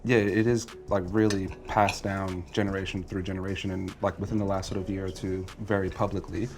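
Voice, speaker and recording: A man from the United States, speaking calmly and thoughtfully in a casual group discussion. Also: deep voice, a little fast, background noise.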